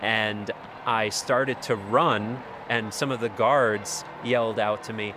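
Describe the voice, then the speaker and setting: A man's voice: fairly low pitch, steady tone, slow. A man in his forties from Texas, a priest, speaking earnestly and thoughtfully in an interview, with occasional fillers. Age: 40s. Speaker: priest and lecturer. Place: street and taxi in a city. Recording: on-location audio with clear city noise.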